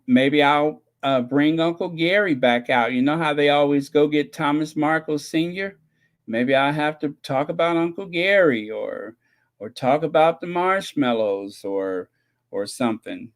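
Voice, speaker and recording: A man hosting a casual live stream, reading viewers' comments and talking to them in a joking, sarcastic way, laughing and repeating himself often. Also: on the high side. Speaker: host of a royal commentary channel.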